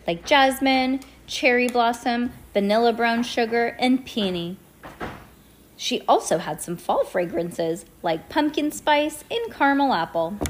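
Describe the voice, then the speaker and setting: A woman reading a children's chapter book aloud at home, casual, pausing to chat and correct herself. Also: fairly high pitch, a little hiss or hum. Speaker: reader.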